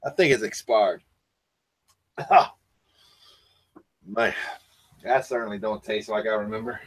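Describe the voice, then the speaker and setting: A man's voice: on the low side, measured pace. A man, chatting as a guest on a video call in an easygoing, folksy, joking way. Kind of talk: casual chat.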